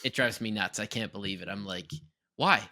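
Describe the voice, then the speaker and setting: Bright-voiced animated podcast man. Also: fast talker. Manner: animated, breaks into high exaggerated impressions. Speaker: podcast co-host. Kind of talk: casual chat.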